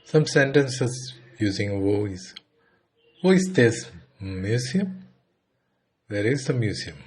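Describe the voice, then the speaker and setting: Man, language teacher, beginner lesson, slow delivery, husky voice, says phrases then translates them. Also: fairly low pitch, lively intonation.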